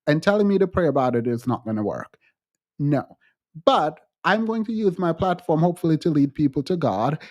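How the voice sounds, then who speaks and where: A man hosting a livestream, talking frankly to his chat in halting restarts and growing emphatic when he quotes others. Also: on the high side, expressive, a little mellow. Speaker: livestream host. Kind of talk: livestream chat answering viewers.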